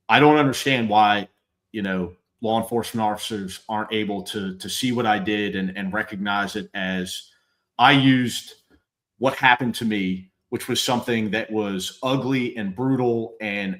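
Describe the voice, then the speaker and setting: A middle-aged man, a former police officer hosting a live show, talking candidly and bluntly with halting repeats and swearing. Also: fairly low pitch, fairly bright tone. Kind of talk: candid conversational chat.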